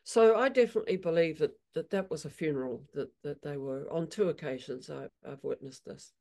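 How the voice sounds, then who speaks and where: Mellow-voiced woman, animated storyteller. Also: low voice, brisk, gravelly. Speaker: equine therapist and author. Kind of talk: storytelling in an interview.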